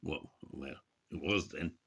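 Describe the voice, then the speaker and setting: A man's voice: very deep voice, slow, gravelly, fairly bright tone, breathy edge. A man rambling through a late-night monologue, tired and drinking, swearing often and losing his words as he digresses. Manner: forgetful, searches for words aloud.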